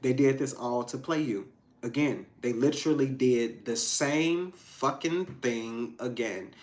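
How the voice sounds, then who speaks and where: Emphatic man giving a tarot reading. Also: unhurried. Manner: emphatic, swings between loud outbursts and low asides; frank and profane, addressing viewers directly. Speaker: tarot reader. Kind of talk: casual spoken tarot reading.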